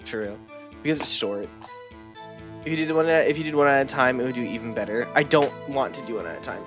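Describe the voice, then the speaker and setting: A woman's voice: a bass voice, lively intonation, quick pace, music in the background. Rambling, swearing woman streamer. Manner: rambling, swears casually, talks to chat. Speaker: VTuber streamer. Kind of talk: casual game-stream chat.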